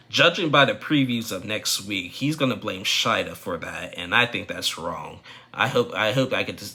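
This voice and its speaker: A man's voice: fairly low pitch, lively intonation, moderate pace, pushed and bright. A man giving a casual, opinionated recap of a reality show, rambling with frequent restarts.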